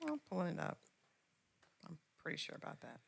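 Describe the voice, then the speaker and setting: A woman's voice: low voice, very animated, brisk, creaky, breathy edge, dry recording. A woman co-hosting a podcast in easy, casual chat. She teases the others and laughs often, her voice landing close and dry in the studio. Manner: playful, teasing, laughs often. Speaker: podcast co-host.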